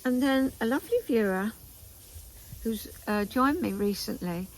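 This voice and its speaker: Older woman, knitting vlog host, slow and rambling, garden chat with faint background. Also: on the high side, a little hiss or hum, poor audio. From England. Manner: chatty and meandering, with asides and pauses. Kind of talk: casual chat to camera. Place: garden, outdoors.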